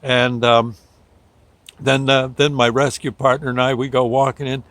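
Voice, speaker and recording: A man's voice: medium pitch, flat delivery, moderate pace, fairly bright tone, no echo. An older man, a show host, telling a rambling folksy story, often laughing and briefly acting out the people he quotes. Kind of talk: casual storytelling.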